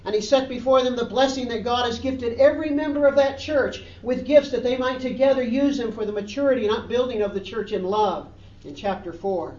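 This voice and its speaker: A woman's voice: fairly high pitch, a little fast, a little mellow. A woman preacher delivering a sermon with emphatic, repetitive stress on key phrases. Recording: dull, roomy sound picked up from a distance.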